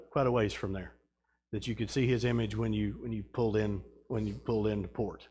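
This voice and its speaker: A man's voice: medium pitch, darkish tone, slight background noise. Rambling man teaching a church class. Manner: rambling, many restarts and fillers. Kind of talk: casual slideshow talk about a trip.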